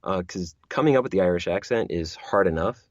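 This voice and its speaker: A man's voice: sits low, lively intonation, a little fast, no echo, lo-fi sound. A man who narrates audiobooks, chatting as an interview guest, rambling with many restarts and repeated words. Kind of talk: casual interview chat.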